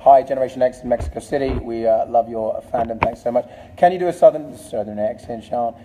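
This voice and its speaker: A young English man reading out fan comments in a casual live-stream chat, quick and chatty with asides. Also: mid-range voice, noisy background. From England. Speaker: actor reading fan questions.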